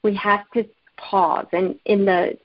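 A woman's voice: medium pitch, level tone, slow. A woman author from Alabama, telling her story in an earnest, storytelling way during an interview and laughing easily. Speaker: author and guest. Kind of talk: interview conversation. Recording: muffled lo-fi remote audio.

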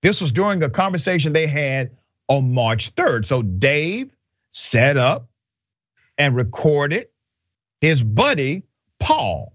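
A man's voice: a little high, very animated, takes it slowly, long pauses, a bit bright, dry recording, muffled recording. Emphatic sarcastic male news commentator. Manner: sarcastic, emphatic, repeats points with "okay?".

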